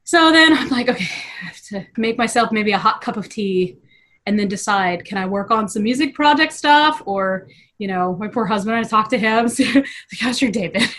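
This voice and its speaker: This VFX artist, a woman in her thirties, is being interviewed casually as a guest and keeps laughing and dropping "you know" into her chatty talk. She sounds animated and a bit bright, with a fairly high pitch and a moderate pace.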